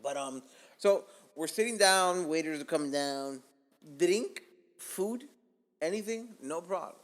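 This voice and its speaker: A man from Miami telling a casual, profane story as podcast host, jumping from loud bursts to hushed asides. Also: on the high side, lively intonation, unhurried, in a large hall.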